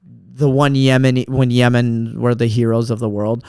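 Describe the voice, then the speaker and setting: A man's voice: medium pitch, flat delivery, moderate pace, mellow, clean tone, dry recording, clean studio sound. A male comedian hosting a podcast, telling a rambling story in casual chat and swearing freely.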